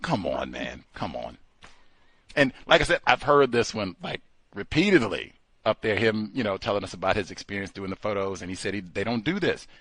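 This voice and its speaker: A man's voice: lowish voice, fairly quick, fairly bright tone, no room sound. A man hosting a call-in talk show, commenting casually and laughing as he acts out what people said. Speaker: radio show host.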